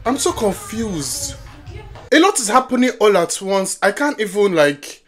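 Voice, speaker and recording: Female reactor watching a film for the first time, animated voice, shouts and talks back at the screen. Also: mid-range voice, measured pace, faint music behind. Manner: exclaims and yells at the characters on screen. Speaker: movie reaction host.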